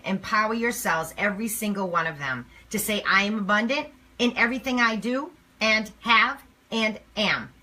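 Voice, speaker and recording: A woman speaking emphatically to camera as a motivational speaker, swinging between loud and hushed lines. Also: fairly high pitch.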